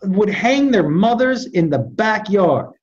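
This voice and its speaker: This man's voice is high and a little mellow, with lively intonation, and he takes it slowly; the highs in the audio are cut off. As a podcast guest chatting casually, he tells animated stories full of restarts and stammers.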